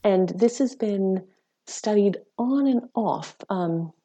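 An American woman, a researcher, answering interview questions in a measured, explanatory way with frequent fillers. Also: medium pitch, dark tone, highs cut off. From United States. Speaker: researcher guest. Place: lives in the UK.

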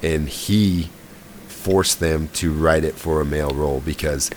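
A man's voice: very deep voice, steady tone, measured pace, slight background noise. A man co-hosting a podcast, chatting casually about gaming news and often trailing off mid-thought. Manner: conversational, trails off and restarts. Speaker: podcast co-host.

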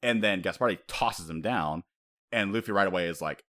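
A man co-hosting a casual chat, talking in an animated way, laughing often and acting out quotes. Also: sits low, normal speed.

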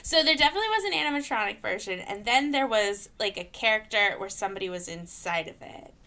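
A woman's voice: mid-range voice, lively intonation, quick pace, pushed and bright. A woman in casual chat, sharing trivia with a few fillers.

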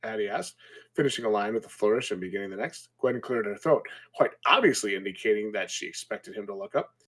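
A man co-hosting a casual book podcast, reading a story passage aloud and reacting with jokes and quick asides. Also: on the low side, fairly bright tone, husky. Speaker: podcast co-host.

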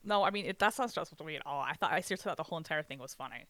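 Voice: mid-range voice, animated, rapid-fire, a bit bright, dry recording. A speaker telling a work story in a casual chat, swearing freely and acting out what each person said, with laughs along the way. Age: adult with ten years of banquet work. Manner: swears freely, acts out quoted dialogue, frequent laughs.

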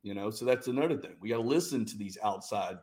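A man's voice: fairly low pitch, quick pace. A man, a business founder and guest, telling stories in a casual interview and acting out the dialogue. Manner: animated, acts out quoted dialogue.

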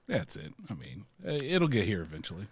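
A man's voice: low voice, wildly swooping pitch, fairly quick, breathy edge. A man co-hosting a podcast in casual pop culture chat, laid-back with dry humor. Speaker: podcast co-host.

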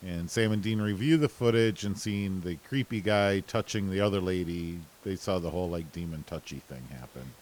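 Chill guy, kinda low voice, recapping a show, lots of uhs. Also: moderate pace, few pauses, darkish tone, rough recording. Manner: laid-back, hesitant with many fillers. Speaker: podcast co-host. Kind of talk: casual recap chat.

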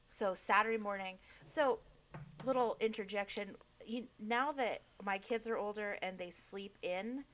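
A woman's voice: mid-range voice, unhurried, a bit bright. A middle-aged woman in casual chat with a friend, talking frankly and swearing freely. She tells her stories with easy laughter.

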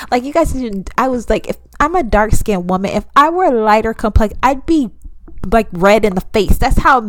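A woman talks with a podcast co-host, arguing her point in an emphatic, animated way and laughing often. Her voice is high and swings widely in pitch. The sound is dry and close. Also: no echo, poor audio. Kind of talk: casual chat.

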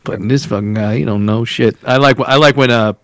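A man's voice: medium pitch, fairly even intonation, a little fast, no room sound, clean studio sound. A man from the Northeast US co-hosting a podcast, talking casually in a rambling, self-mocking way and swearing freely. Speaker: podcast co-host. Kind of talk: casual chat.

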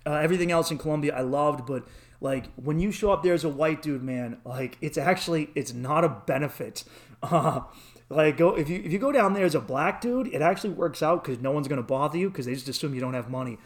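Rambling, swearing young man telling stories. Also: brisk. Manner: rambling, swears freely, acts out quotes in a high voice. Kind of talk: casual chat, storytelling.

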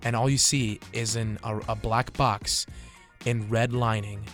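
A man's voice: fairly low pitch, steady tone, measured pace, fairly bright tone, faint music behind. Laid-back laughing young man, podcast co-host. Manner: loose, laughing, swears freely, rambling storyteller. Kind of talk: casual chat.

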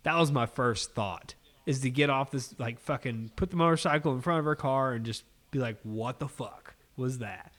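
Man hosting a casual podcast, animated and foul-mouthed. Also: mid-range voice, a little fast. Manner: swears constantly, animated storytelling. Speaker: podcast host. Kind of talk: casual chat.

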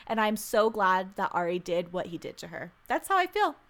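A woman co-hosting a casual chat, animated and profane, often laughing. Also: medium pitch, moderate pace.

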